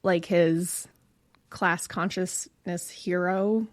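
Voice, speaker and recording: A woman co-hosting a podcast, chatting casually with drawn-out words and frequent fillers. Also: on the low side, fairly even intonation. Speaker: podcast co-host. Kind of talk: casual chat.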